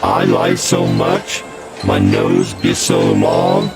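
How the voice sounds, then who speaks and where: A man using a voice changer to voice a lying wooden puppet boy, his voice pitched down to a gravelly rumble. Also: flat delivery, slow, loud music behind the voice, heavily acted. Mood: boastful. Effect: voice changer pitched far down.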